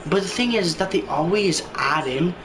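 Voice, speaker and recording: A man's voice: high-pitched, expressive, normal speed, noisy background. Rambling man in casual chat. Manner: rambling, many filler words. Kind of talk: casual commentary.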